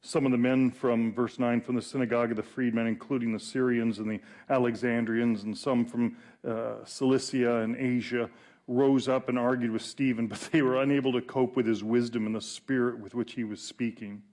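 A male pastor preaching a sermon in a conversational, animated way with fillers and pauses. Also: medium pitch.

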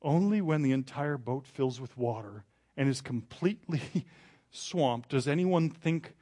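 A man preaching a sermon, telling the story with dramatic rises, then turning quiet and confessional. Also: medium pitch, animated, measured pace. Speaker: pastor.

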